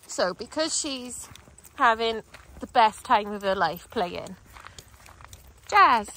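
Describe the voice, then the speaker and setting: A woman dog trainer demonstrating outdoors, explaining calmly between bursts of high, excited calls to her dogs. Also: takes it slowly, a little hiss or hum. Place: outdoors on grass.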